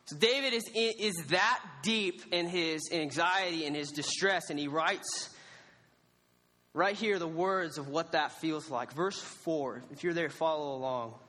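A young man with a high, bright voice gives a casual sermon, telling stories with animated, self-mocking energy. His voice carries a long reverb off the walls of a church hall. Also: a little slow. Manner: casual storytelling, animated, laughs at himself. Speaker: youth pastor.

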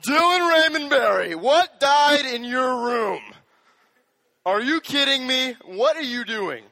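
A man's voice: lively intonation, slow, gravelly, heavily acted. A man shrieking as a fed-up scolding parent. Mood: exasperated scolding. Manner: shrill, shouted full-name scolding. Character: exasperated parent scolding their child.

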